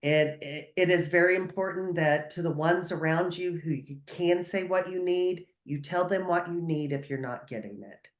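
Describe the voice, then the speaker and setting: A woman's voice: on the low side, normal speed, few pauses, echoey room. A woman speaking as a guest on a video call, giving earnest, emphatic, encouraging advice.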